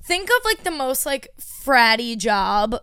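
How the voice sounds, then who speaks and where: Brief: high-pitched woman co-host, chatty, talks over people, dry close sound. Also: very animated, takes it slowly, sharp tone, clear, resonant tone, dry recording. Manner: laughs often, swears freely. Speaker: podcast co-host. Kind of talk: casual chat.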